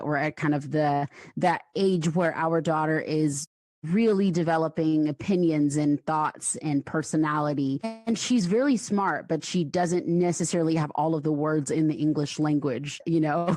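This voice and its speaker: A woman's voice: low voice, fairly even intonation, unhurried, darkish tone, no room sound, clean studio sound. A woman in her thirties, a songwriter and author guesting on a podcast, telling stories animatedly with laughs. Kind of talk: casual interview chat.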